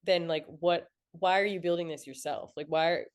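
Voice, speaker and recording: A young woman with a notably low voice speaks as a guest in a relaxed interview. She reflects on what she has learned and fills her sentences with "like.". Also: normal speed. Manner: reflective, frequent "like" fillers. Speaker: entrepreneur guest. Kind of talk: casual podcast interview.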